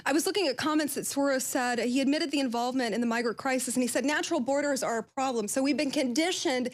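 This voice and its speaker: Woman from Kentucky, high voice, emotional panel guest, tearful and angry, out of breath. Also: quick pace. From Kentucky, USA. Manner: impassioned, tearful and angry, apologizing for yelling. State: emotional, catching her breath. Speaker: guest commentator. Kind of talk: emotional talk-show panel discussion.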